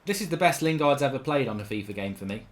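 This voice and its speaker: A man commentating on his own football video game in a chatty, rambling way, erupting into loud shouts when a goal goes in. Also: medium pitch, fast talker, a little hiss or hum. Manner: excitable, bursts into loud shouting over goals. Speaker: gaming commentator.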